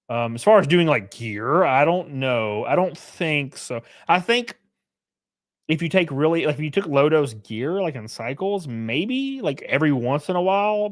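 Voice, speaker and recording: Reading his chat on a livestream, a young guy talks in a loose, profane way with plenty of filler words. He's lively, and for his bits his voice suddenly leaps way up in pitch.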